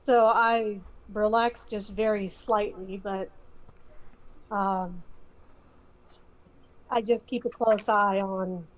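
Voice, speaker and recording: A woman's voice: medium pitch, fairly even intonation, highs cut off. A woman playing in an online tabletop game, describing her actions hesitantly with repeated words. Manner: hesitant, slow, repeats herself. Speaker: player. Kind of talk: casual play narration.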